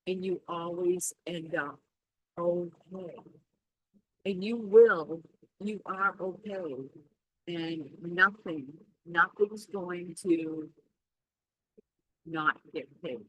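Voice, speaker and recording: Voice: mid-range voice, extremely slow, pauses often, fairly bright tone, no room sound, rough recording. A Reiki practitioner talking casually in a spiritual vlog, rambling and reflective as they reassure themselves aloud.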